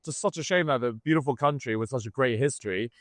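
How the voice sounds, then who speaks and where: A man's voice: mid-range voice, quick pace, a bit bright, no room sound. A man from Britain, a guest on a livestream, talking in a rambling, casual way and laughing as he goes.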